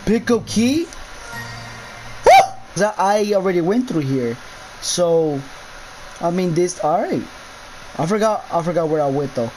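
A man's voice: sits high, a little mellow, a little hiss or hum, poor audio. A young man commentating his own gameplay of a horror map, jumpy, swearing a lot and yelping at scares. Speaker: gamer.

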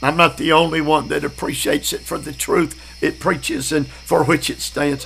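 A man, preaching a Bible study class in a slow, emphatic way, repeating key words. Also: on the high side, little pitch movement, creaky, a bit bright, a little hiss or hum, poor audio. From Southern United States.

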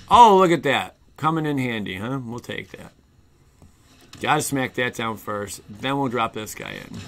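A man streaming a card game live, chatting with viewers in an excitable, jokey way. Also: medium pitch, a little hiss or hum. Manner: excitable, jokey, talks to chat. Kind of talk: casual live stream commentary.

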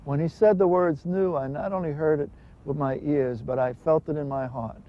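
A man's voice: mid-range voice, fairly even intonation, fairly quick. A man giving an earnest, emphatic personal testimony. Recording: dull lo-fi recording with faint hiss.

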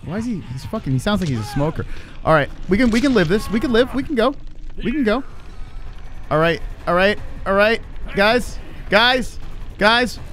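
A man giving live commentary on his own gameplay, swearing and reacting in excitable panic. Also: high voice, normal speed, faint music behind. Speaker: streamer.

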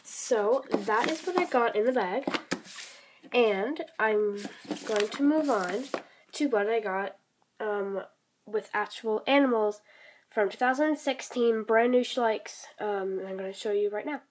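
Teen girl vlogger, slow rambling show-and-tell, filler-heavy and apologetic. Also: a little high. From Canada. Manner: rambling, many ums and likes, apologetic. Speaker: toy collection vlogger. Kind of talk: casual show-and-tell vlog.

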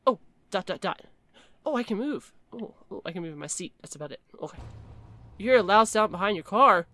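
A woman giving chatty, excitable commentary while playing a horror game and reading its text aloud. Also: medium pitch, a little fast. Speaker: gaming video creator.

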